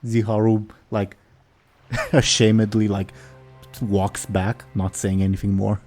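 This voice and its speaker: A man's voice: on the low side, little pitch movement, a little slow, darkish tone, soft background music. A young man running a tabletop game as game master, rambling with hesitant fillers.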